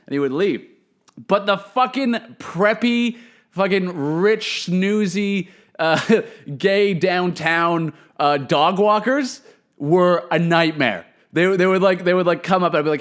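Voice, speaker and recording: A young man telling profane, animated stories as a podcast host, swinging between loud outbursts and muttered asides. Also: sits high, normal speed. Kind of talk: casual comedic storytelling.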